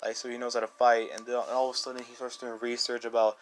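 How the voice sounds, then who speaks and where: A man's voice: mid-range voice, flat delivery, fast talker, a little hiss or hum. A man giving a casual, rambling movie review as a YouTuber, full of "like" and "dude" and eager restarts.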